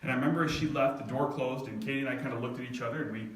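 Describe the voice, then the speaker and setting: A man's voice: mid-range voice, very fast, a little hiss or hum. A middle-aged man telling a heartfelt, self-deprecating family story to an audience, now and then near tears. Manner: heartfelt, self-deprecating, quoting his daughter. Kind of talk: storytelling talk. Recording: echoey hall, voice from far off.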